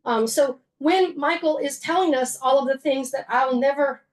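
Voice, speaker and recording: A woman's voice: sits high, moderate pace. A woman giving a slideshow talk to an audience, conversational and earnest, with wry humor and frequent fillers and self-corrections. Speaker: museum executive director giving a talk.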